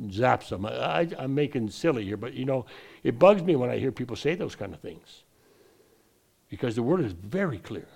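A man's voice: medium pitch, gravelly, warm tone. A man preaching a sermon, wandering and restarting his sentences, then pushing his voice up hard on the points he wants to land. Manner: digressive, frequent restarts, rising emphasis on key points.

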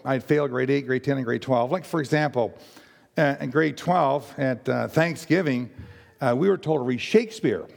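An older man giving a personal testimony in a halting, earnest way with many restarts. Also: medium pitch, vocal fry, a little mellow. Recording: long hall reverb.

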